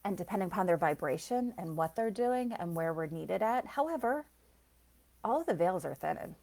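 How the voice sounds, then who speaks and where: A woman's voice: on the low side, animated, normal speed, vocal fry, darkish tone. Chatty woman psychic on a live stream. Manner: chatty and rambling, laughs often, reads viewer comments aloud. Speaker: psychic reader and soul coach. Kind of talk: casual live-stream chat.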